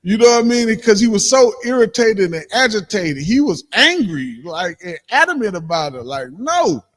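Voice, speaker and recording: Detroit guy preaching casual on a stream, big swoopy pitch, lots of echo. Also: normal speed. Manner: animated, acts out quoted exchanges, laughs often. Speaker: speaker in a livestreamed religious class.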